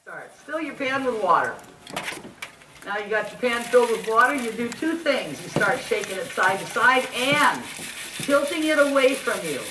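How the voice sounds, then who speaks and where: A woman's voice: fairly high pitch, animated, normal speed. A woman docent giving a folksy, homespun tour presentation on a mining dredge. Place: outdoors on a dredge barge. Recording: roomy distant sound with faint noise.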